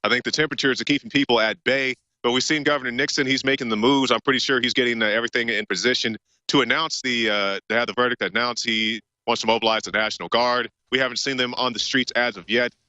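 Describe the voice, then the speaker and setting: A man reporting live from the field talks quickly and casually, with plenty of "uh" fillers. His bright voice comes through a dull, lo-fi remote line. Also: medium pitch, steady tone, dry recording.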